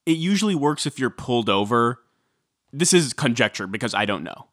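A male podcast co-host with a mid-pitched voice, chiming in with quick, joking remarks. The recording is dry and close. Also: very animated, a bit bright, dry recording. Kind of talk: casual podcast chat.

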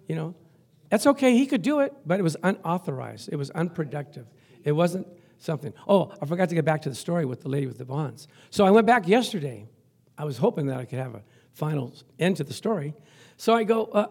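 A male pastor preaching a lively sermon, chuckling often and reading scripture aloud. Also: fairly high pitch, fast talker, creaky, slightly rough.

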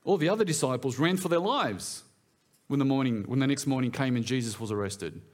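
A man's voice: medium pitch, fairly quick. A man preaching in a church, talking in a conversational way and often putting questions to his listeners. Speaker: pastor. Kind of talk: sermon.

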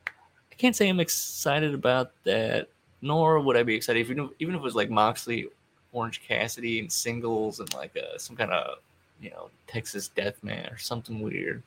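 A man's voice: medium pitch, normal speed, creaky, a bit bright, a little hiss or hum. A middle-aged man hosting a casual podcast recap, rambling with wry, offhand asides. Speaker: podcast host recapping wrestling.

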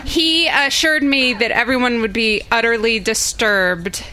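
A woman's voice: fairly high pitch, fairly even intonation, measured pace, a crowd in the background. A woman hosting a live reading, chatty and laughing easily as she introduces the next author. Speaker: event host. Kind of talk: introducing readers at a live event.

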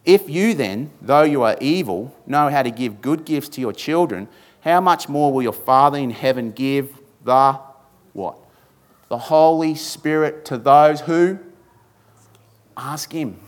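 A man's voice: medium pitch, measured pace. A man preaching a sermon, stressing his points with repetition and rhetorical questions. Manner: emphatic, repeats key words, rhetorical questions. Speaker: pastor.

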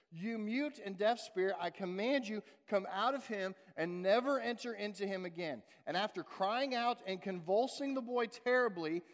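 A pastor preaching a sermon with emphatic delivery, asking rhetorical questions and answering them himself. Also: male voice, sits high. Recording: long hall reverb.

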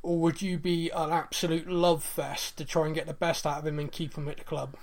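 A man's voice: on the high side, brisk. A man with a West Country English accent co-hosting a casual podcast chat, telling stories and joking. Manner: chatty, jokey, animated storytelling. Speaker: podcast co-host.

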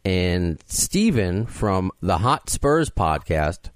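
A podcast host, chatting casually and poking fun at himself, with frequent restarts. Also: male voice, low voice, very animated, very slow, dry recording. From Queens, New York. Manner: self-deprecating, rambling with restarts.

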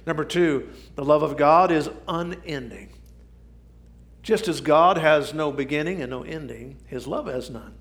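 A man preaching a sermon, swinging from shouting to near whisper for drama. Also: a little high, measured pace. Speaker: pastor.

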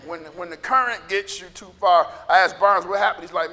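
Man preaching, scratchy gravelly voice, bright and ringing, long hall echo. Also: high voice, brisk, few pauses. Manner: impassioned preaching, bursts of shouting. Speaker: pastor. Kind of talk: sermon. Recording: echoey hall reverb.

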